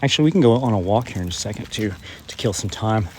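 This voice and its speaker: A man from West Texas, rambling and emphatic in a casual spiritual vlog, his voice a bit hoarse, recorded outdoors in a field. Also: on the low side, expressive, fast. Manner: rambling and emphatic, urging viewers. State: slightly hoarse. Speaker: spiritual vlogger.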